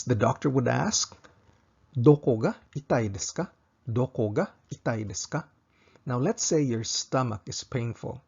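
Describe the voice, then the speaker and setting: Male language tutor: husky, gravelly, patient, repeats each phrase twice, dull lo-fi recording. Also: mid-range voice, darkish tone. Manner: slow, careful, repeats each example twice for practice. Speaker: Japanese language teacher.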